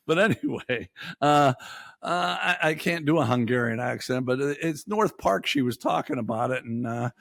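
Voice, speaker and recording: A man's voice: mid-range voice, animated, normal speed, gravelly, fairly bright tone, dry recording, clean studio sound. A man hosting a podcast, telling a crude, exasperated story in profane bar-talk style. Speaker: podcast host. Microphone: studio mic.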